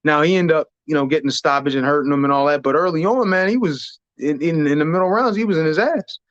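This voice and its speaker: Guy calling in as a guest, calm rambling talk, kinda muffled dry audio. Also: fairly high pitch, no room sound. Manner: measured, rambling. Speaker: podcast guest, former boxer. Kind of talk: casual chat.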